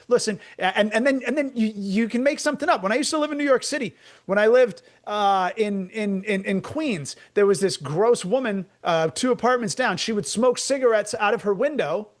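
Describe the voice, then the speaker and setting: High-voiced man riffing absurd comic stories. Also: fairly quick. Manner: rambling, absurd deadpan riffing. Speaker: comedian co-host. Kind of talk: comic storytelling chat.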